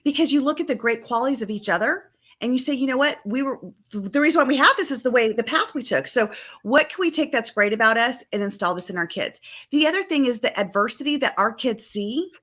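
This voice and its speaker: A woman talking as a family coach in a live-stream conversation, emphatic and animated, often acting out quoted family dialogue over a video call. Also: a little high, fast talker.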